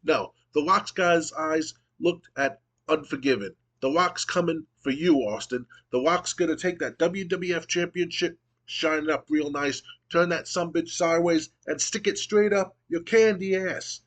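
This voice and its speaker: A man reading out a trash-talking promo as a boastful male pro wrestler who speaks of himself in the third person, in a higher, drawn-out voice. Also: a bit bright.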